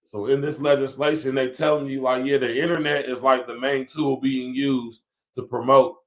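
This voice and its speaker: A man in the middle range of pitch hosts his own podcast with a lilt. He is emphatic and repetitive, reading text aloud and then breaking it down with asides and slang. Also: steady tone, normal speed. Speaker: podcast host. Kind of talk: casual commentary podcast.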